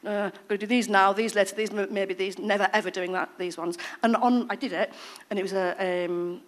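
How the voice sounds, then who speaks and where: A woman tells her recovery story with animated, expressive delivery. She acts out the voices of people she quotes, and her volume swings from loud to barely a hush. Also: medium pitch, fairly quick. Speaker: speaker sharing recovery story. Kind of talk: personal recovery testimony.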